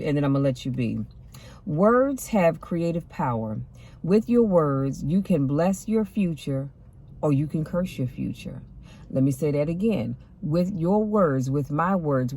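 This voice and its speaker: A woman's voice: low-pitched, a little mellow. A woman host giving an encouraging faith talk, speaking in an exhorting, preachy way. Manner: preachy, exhorting, calls out "come on now". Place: parked car.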